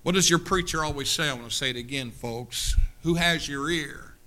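A man preaching a sermon to his congregation, building to shouted peaks and slowing for emphatic repeated lines. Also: a little high. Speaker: pastor.

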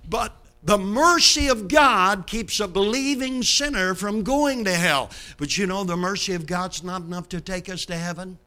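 A man in his seventies from Brooklyn preaching a sermon from the pulpit, dramatic, swinging from loud bursts to low hushed line endings. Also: moderate pace, hardly any pauses, soft background music. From Brooklyn, New York. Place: church sanctuary, behind a pulpit.

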